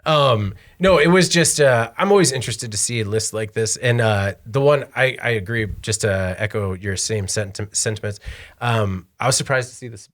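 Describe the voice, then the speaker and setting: A man's voice: medium pitch, moderate pace, fairly bright tone. A man co-hosting a manufacturing podcast, chatting casually and poking fun at himself. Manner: self-deprecating, joking. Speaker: podcast co-host. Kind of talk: casual chat.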